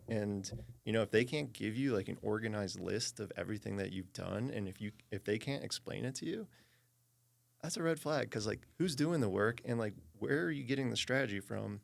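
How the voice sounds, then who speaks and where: Gravelly low man, earnest and emphatic. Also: moderate pace. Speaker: podcast co-host. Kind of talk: casual chat.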